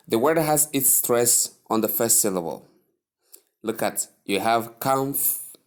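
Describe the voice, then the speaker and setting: Slow, deliberate male teacher. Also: medium pitch. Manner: repeats words slowly and carefully, stressing syllables. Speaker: English pronunciation teacher. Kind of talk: slow, deliberate pronunciation lesson.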